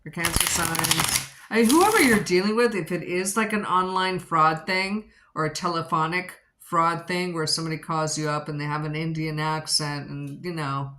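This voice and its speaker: Low-voiced chatty woman reading tarot. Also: moderate pace, few pauses, fairly bright tone, a little hiss or hum. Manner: chatty, rambling, repeats her questions to the cards. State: out of breath. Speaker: tarot reader.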